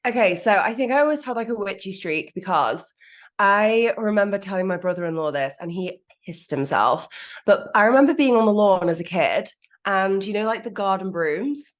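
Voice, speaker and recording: A woman's voice: medium pitch, lively intonation, normal speed. A woman, a business coach guest telling her own story frankly, swearing casually and laughing at herself. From Manchester, England. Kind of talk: candid personal storytelling.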